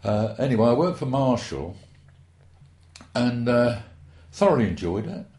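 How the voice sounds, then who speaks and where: A man's voice: medium pitch, sing-song, measured pace, mellow. A man, reminiscing at length in a rambling, hesitant, folksy way. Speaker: interviewee. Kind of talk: oral history reminiscence. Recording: roomy echo.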